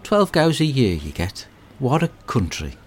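A man delivers a crude, deadpan and rambling comic monologue. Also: mid-range voice, unhurried.

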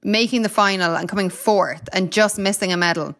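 A woman's voice: mid-range voice, a little fast, a bit bright. Chatty Irish woman telling stories. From Ireland. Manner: chatty, storytelling, laughs often, many fillers. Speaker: guest, retired Olympic runner. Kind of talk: casual interview chat.

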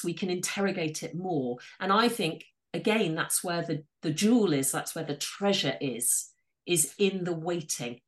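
Woman, storyteller guest, thoughtful, lively pitch. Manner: thoughtful, enthusiastic, reflective. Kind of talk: interview conversation.

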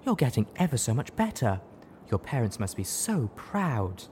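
A timid pegasus mare with a hushed, cooing voice, as a male narrator puts her on. She talks gently and sweetly in a lifted, airy tone, far above his own register, like a storybook reading. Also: high voice, huge pitch swings, a little slow, slight background noise, pitched above the performer's own voice, exaggerated voice. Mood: gentle, cooing. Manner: soft, breathy, cooing. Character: gentle shy female pegasus pony, soft-spoken.

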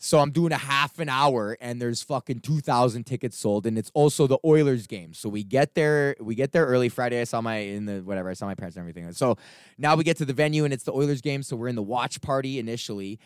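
A young man tells a long, profane story on his own podcast and slips into voices for the people in it. His pitch sits in an ordinary middle range. The sound is close and dry, with no room around it. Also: quick pace, clear, resonant tone, no room sound. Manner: profane, animated storytelling with acted-out quotes. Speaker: podcast host. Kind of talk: casual ranting monologue.

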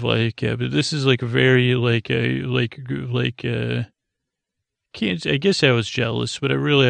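A man talks in a slow, meandering way, filling pauses with ums and casual slang. His voice is heavily fried and gravelly, with a flat, even pitch. The recording is dry and close. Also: no echo. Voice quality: gravelly vocal fry. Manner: meandering, many fillers, paraphrases scenes in casual slang. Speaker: podcast host. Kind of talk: rambling sleepy recap.

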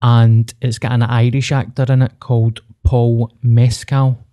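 A man's voice: medium pitch, flat delivery, measured pace, dark tone, no echo. A young Scottish man co-hosting a podcast, talking candidly and animatedly with plenty of swearing. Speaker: podcast co-host. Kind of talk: casual chat.

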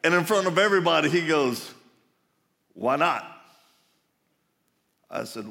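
A man's voice: fairly high pitch, expressive, unhurried, vocal fry, pauses often, sharp tone. A man preaching a live conference sermon, telling folksy stories with asides. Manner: folksy storytelling with laughs and asides. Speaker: conference speaker. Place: large hall, live audience. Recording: reverberant hall.

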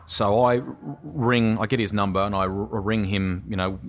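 A middle-aged Australian commentator with a lowish voice, spinning lively anecdotes in a relaxed podcast chat. He often tags his sentences with "mate". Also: moderate pace, a little hiss or hum. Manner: animated anecdotes, often ends lines with "mate". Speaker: motorsport commentator, guest. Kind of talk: casual podcast interview, storytelling.

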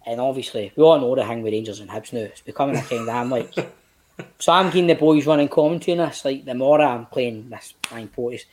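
An actor in his late thirties with a Glaswegian Scottish accent tells a story as a podcast guest in casual conversation. He's animated and sweary, acting out quotes with big swings in pitch, and talks briskly.

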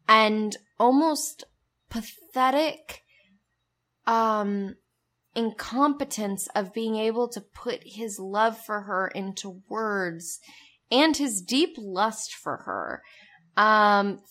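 A woman's voice: mid-range voice, takes it slowly, fairly bright tone. A young woman co-hosting a podcast in casual chat, playful and dryly teasing, drawing out words for emphasis. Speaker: podcast co-host.

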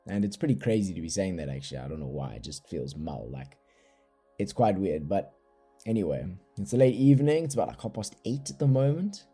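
A young man with a South African accent, hosting a casual solo podcast from his bedroom in a relaxed, rambling, slangy way, recorded on a laptop microphone. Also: low voice, brisk, husky, faint music behind. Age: young adult. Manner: laid-back, rambling, slangy. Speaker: podcast host. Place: bedroom at night.

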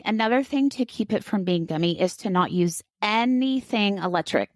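A woman's voice: medium pitch, dry recording. A woman co-hosting a podcast, explaining a recipe in an easygoing, offhand way. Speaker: podcast co-host. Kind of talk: casual chat.

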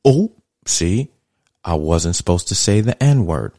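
A man's voice: low-pitched, sing-song, takes it slowly, dry recording, clean studio sound. A man hosting a podcast, talking in a blunt, profane, conversational monologue that grows more heated. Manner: blunt, profane, conversational, heats up and gets louder. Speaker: podcast host. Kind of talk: casual monologue commentary.

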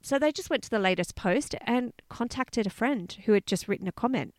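A woman's voice: a little high, brisk, no echo. A woman, recounting a story in a casual podcast chat, swearing and acting out quotes. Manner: animated, swears, acts out quotes. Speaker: podcast co-host.

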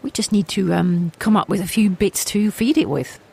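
A woman's voice: medium pitch, moderate pace, creaky, darkish tone, slightly rough. A woman author co-hosting a podcast in casual chat, talking in a playful, teasing way.

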